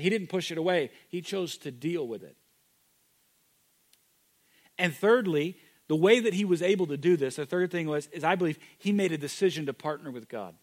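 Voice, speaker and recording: A man preaching a sermon, moving from loud, emphatic declarations to hushed, intimate moments. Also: high-pitched. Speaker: pastor.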